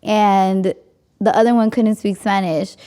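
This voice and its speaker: A woman's voice: mid-range voice, fairly even intonation, a little slow, mellow, clean tone. A young woman hosting a podcast, telling a story in casual chat, with lots of "like" and frequent laughs. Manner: chatty, frequent "like", laughs often. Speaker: podcast host.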